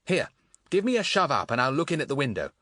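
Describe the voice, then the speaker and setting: An eager schoolboy sleuth who takes charge, brisk and confident, as a male narrator voices him. His voice is pitched a little high and bounces lively up and down. The sound is dry and close to the mic. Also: no echo. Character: eager, bossy schoolboy detective leader. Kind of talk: audiobook character voice.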